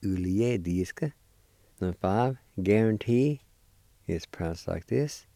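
A man giving a weekly language lesson, deliberately spelling out and pronouncing words syllable by syllable. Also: low voice, mellow, dry recording, studio quality. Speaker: language teacher.

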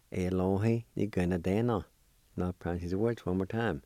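A man's voice: deep voice, steady tone, moderate pace, mellow, no echo, clean studio sound. A man giving a recorded pronunciation lesson. He spells out syllables one by one with patience and encourages the learner. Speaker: language teacher.

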